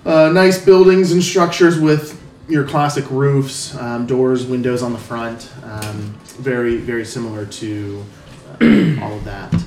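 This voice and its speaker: A man's voice: mid-range voice, fairly even intonation, measured pace, a little mellow, reverberant, distant mic, a little hiss or hum. A man narrating a tabletop game as game master, rambling with many fillers. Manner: rambling, filler-heavy description.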